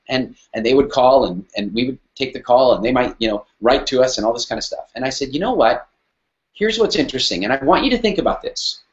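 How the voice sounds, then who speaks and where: A man's voice: mid-range voice, dull audio. A man teaching a business lesson through a personal story, emphatic and repeating phrases for weight. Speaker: business speaker.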